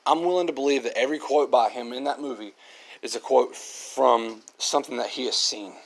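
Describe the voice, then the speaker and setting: A man's voice: mid-range voice, brisk, gravelly, breathy edge. Guy doing his own podcast, talks earnest and thoughtful, ordinary mid voice, circles back on himself. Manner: earnest, reflective, repeats himself. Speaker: podcast host. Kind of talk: solo podcast monologue.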